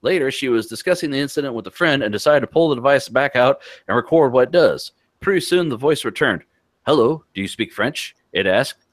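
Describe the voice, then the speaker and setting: A man's voice: mid-range voice, animated, fast talker, dry recording. A man co-hosting a casual tech podcast, reading news stories aloud and cracking jokes between them. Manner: reads news items aloud with asides and jokes.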